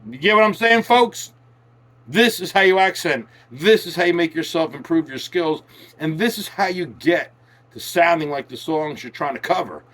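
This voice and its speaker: A man's voice: a little high, normal speed, a bit bright. A man teaching guitar in a chatty, emphatic way, repeating key words and drifting into folksy asides. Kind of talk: casual instructional talk to camera. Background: guitar playing.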